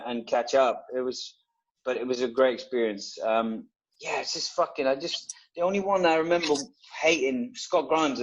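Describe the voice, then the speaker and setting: A man and cast member telling an animated anecdote with heavy swearing and exasperation, acting out the other people's lines. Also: medium pitch, dull audio, background noise. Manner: acts out other voices, exasperated.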